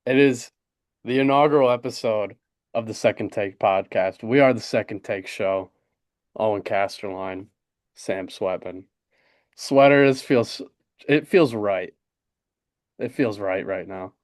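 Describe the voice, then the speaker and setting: A young man in his twenties co-hosting a casual sports podcast, excited and rambling with lots of fillers. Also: fairly low pitch, a little slow, no echo, studio quality. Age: 20s. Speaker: podcast co-host. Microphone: desk podcast mic.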